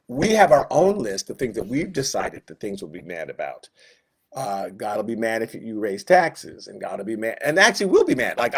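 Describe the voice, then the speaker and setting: A man teaching a Bible class in a casual, conversational way, with joking asides and quoted voices acted out. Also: medium pitch. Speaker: Sunday school teacher.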